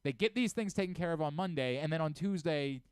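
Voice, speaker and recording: A middle-aged man hosting a sports radio show, ranting about football with rapid swings between low muttering and shouted outbursts. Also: expressive, clean tone, no echo. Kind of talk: opinionated sports talk. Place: radio studio.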